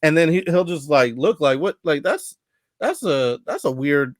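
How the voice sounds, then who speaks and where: A man hosting a podcast, chatting casually and telling stories with animated voices. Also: a little high, normal speed, no room sound, clean studio sound. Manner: animated storyteller, acts out voices. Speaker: podcast host. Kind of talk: casual conversation.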